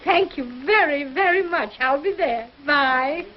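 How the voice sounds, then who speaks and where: Bustling housewife mother, chatty, quaint phrasing, high voice, muffled 1950s TV sound. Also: animated, unhurried. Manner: chatty, fussing, quaintly worded. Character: bustling, warm-hearted middle-aged housewife and mother. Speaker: lead character, family mother. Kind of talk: 1950s TV sitcom acting.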